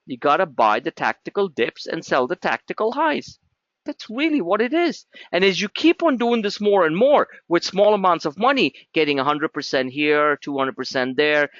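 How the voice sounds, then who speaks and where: A man's voice: fairly high pitch, lively intonation, normal speed, fairly bright tone, no echo, lo-fi sound. A man teaching a live trading class in a blunt, sarcastic, scolding way. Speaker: trading educator.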